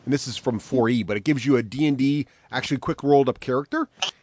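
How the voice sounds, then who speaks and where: A man's voice: medium pitch, quick pace, no echo, muffled recording. A man hosting a podcast and running an improv role-play game, enthusiastic and laughing as he thinks aloud. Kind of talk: casual podcast chat.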